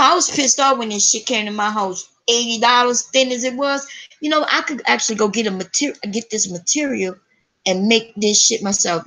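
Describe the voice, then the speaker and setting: A woman hosting a live stream, telling a story to her chat in an animated, profane way and laughing often. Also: fairly high pitch.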